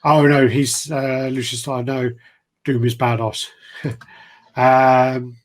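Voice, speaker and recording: A man's voice: mid-range voice, little pitch movement, takes it slowly. A man co-hosting a casual chat about collectible statues, blunt, swearing freely and laughing often. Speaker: collectibles show co-host.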